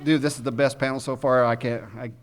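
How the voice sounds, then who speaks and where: A man's voice: medium pitch, flat delivery, fast talker, crowd noise. A man interviewing a guest at a convention panel, eager and casual. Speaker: interviewer host.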